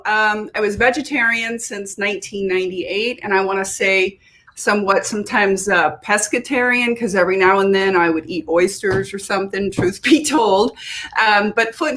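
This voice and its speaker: Bright enthusiastic woman guest. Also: mid-range voice. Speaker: guest, app founder. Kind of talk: interview answers.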